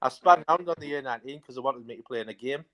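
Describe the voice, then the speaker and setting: With crowd noise in the background, a middle-aged former footballer being interviewed rambles through stories of his career. He talks fast in a mid-range voice, casually, and fills his speech with fillers.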